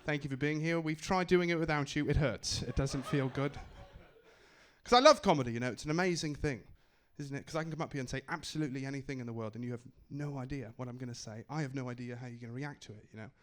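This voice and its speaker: A man's voice: medium pitch, fast. A young man doing stand-up in a put-on English accent, wry and self-mocking, on a comedy club stage with a handheld mic. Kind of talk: stand-up set.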